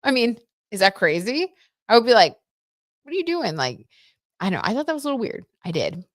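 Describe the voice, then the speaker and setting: A young woman hosting a casual tarot livestream, chatty and animated, full of fillers and asides to her viewers. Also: mid-range voice, quick pace, no echo, studio quality. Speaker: tarot reader and livestream host.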